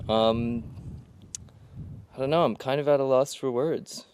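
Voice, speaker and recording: A man's voice: mid-range voice, steady tone, a little slow, a little mellow, a little hiss or hum. A young man and actor, chatting in an interview with dry, teasing humor. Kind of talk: casual interview chat.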